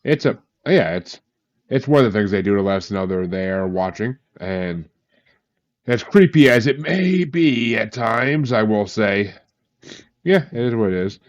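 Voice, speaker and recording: A man hosting a casual podcast interview, relaxed and halting, who swears offhandedly. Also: fairly low pitch, dry recording. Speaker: podcast host. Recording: dull lo-fi sound.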